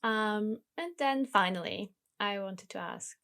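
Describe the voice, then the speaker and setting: Woman, podcast host, mid pitch, soft-spoken and agreeable interviewer. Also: slow pace. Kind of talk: interviewer asking questions.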